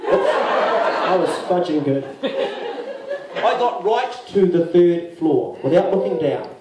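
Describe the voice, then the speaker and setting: High-voiced New Zealand man telling a stage story. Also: roomy sound, far from the mic, background noise. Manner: animated, acts out other people's lines. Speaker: storyteller performing live. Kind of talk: live comic storytelling. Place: live venue with audience. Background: audience laughter.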